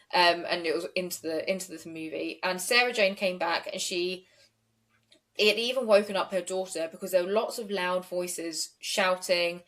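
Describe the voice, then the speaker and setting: A woman's voice: lowish voice, a bit bright. A woman co-hosting a true crime podcast, retelling a case in a conversational way with fillers. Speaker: podcast co-host.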